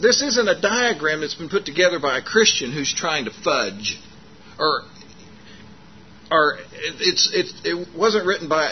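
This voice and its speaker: Folksy preaching man, muffled recording. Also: a little high. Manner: folksy, animated retelling with acted dialogue and frequent fillers. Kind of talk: sermon storytelling. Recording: muffled lo-fi sermon recording with faint noise.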